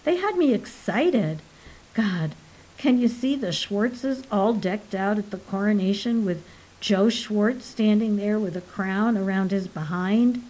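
A woman's voice: medium pitch, measured pace, mellow, lightly acted, low-quality recording. A woman doing a blunt, brash young man. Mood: sulky.

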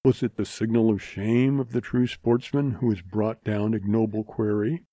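A man narrating a western short story in a measured, expressive audiobook reading. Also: on the low side, no echo.

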